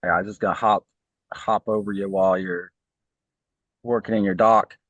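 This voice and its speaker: A man's voice: deep voice, steady tone, normal speed, a bit bright, dry recording. A man in a casual online chat, thinking aloud with frequent fillers and tag questions.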